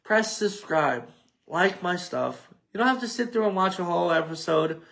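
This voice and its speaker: This man's high, slightly bright voice has vocal fry and is very animated, moving at a moderate pace. He's hosting a solo sports talk show wrap-up from a home tripod setup, rambling, joking, mumbling nasally, and using many fillers.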